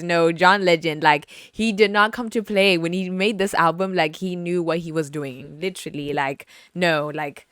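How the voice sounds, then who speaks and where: A woman's voice: on the low side, moderate pace, hardly any pauses, fairly bright tone, smooth, no echo, clean studio sound. Chatty woman podcast host. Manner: chatty, says "like" a lot, sings lyric snippets. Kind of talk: casual album review chat.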